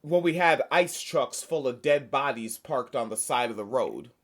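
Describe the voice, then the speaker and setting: A man's voice: mid-range voice, animated, moderate pace. A man hosting a podcast, reading news aloud and breaking off into sarcastic, profane asides. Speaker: podcast host.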